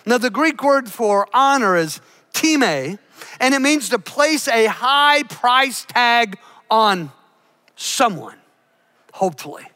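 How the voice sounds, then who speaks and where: An older man preaching a sermon as a pastor, swinging between emphatic lines and hushed ones. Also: extremely high pitch, lively intonation, slow pace. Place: church.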